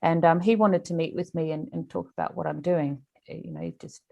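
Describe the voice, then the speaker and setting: Animated woman telling a story. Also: low voice, fairly quick, creaky. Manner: animated storyteller with many restarts. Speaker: animal communicator, interview guest. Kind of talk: storytelling in an interview.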